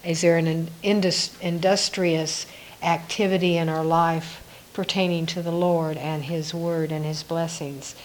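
A woman giving a reflective devotional Bible teaching, musing aloud with soft laughs. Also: low voice, fairly even intonation, measured pace, a little hiss or hum, low-quality recording.

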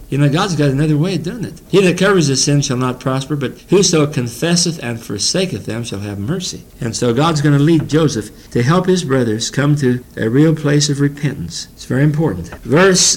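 A man's voice: fairly high pitch, poor audio. Folksy preacher man reading scripture. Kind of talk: Bible teaching sermon.

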